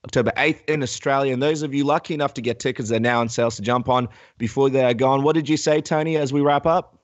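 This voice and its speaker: A man hosting a radio program with upbeat, promotional delivery at an everyday pitch. The sound is dry and slightly dull, with no room around it. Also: steady tone, fast talker, dry recording. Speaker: host. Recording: dull lo-fi audio.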